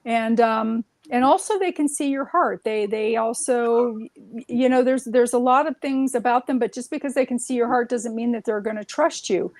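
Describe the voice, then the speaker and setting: A woman's voice: fairly high pitch, normal speed, darkish tone, dry recording, poor audio. A woman telling stories in a casual, rambling way, full of "um"s and restarts. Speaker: guest. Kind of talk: casual conversational storytelling.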